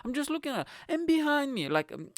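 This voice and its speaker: A man's voice: very high voice, brisk, no room sound, studio quality. A man hosting a comedy podcast, ranting profanely in a casual monologue and calling the listener mate and bro. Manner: animated, profane, swearing ranter; tends to end lines with "mate" and "bro".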